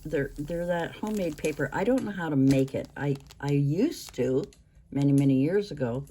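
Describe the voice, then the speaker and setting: A woman in her sixties hosting a craft vlog, talking in a rambling, halting way with many restarts. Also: deep voice, dark tone, slightly rough. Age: 60s. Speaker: craft channel host. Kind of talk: casual show-and-tell vlog.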